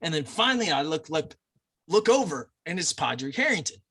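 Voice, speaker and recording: American dude on a podcast spinning a loose bar story, bright edgy voice, kinda high, lots of um and like. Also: male voice, very animated, a little fast, husky. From United States. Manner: chatty storyteller, loose and full of fillers. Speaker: podcast guest. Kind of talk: rambling anecdote in casual chat.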